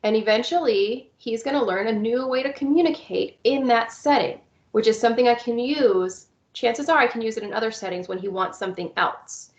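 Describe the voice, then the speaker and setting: A woman with a fairly high voice talks fairly quickly in a recorded presentation on young children with visual impairments, explaining each step and playing out cheerful teacher lines. The sound is roomy, and the highs are cut off.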